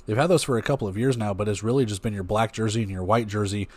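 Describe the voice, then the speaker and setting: Low-voiced man rambling through a sports recap. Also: fairly even intonation, fast talker, darkish tone. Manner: rambling, conversational, reads stats aloud. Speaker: podcast host.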